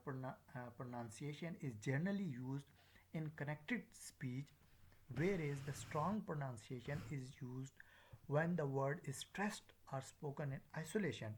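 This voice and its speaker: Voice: mid-range voice, low-quality recording. A pronunciation teacher giving a recorded lecture, hesitant with frequent fillers and drilling example words one at a time.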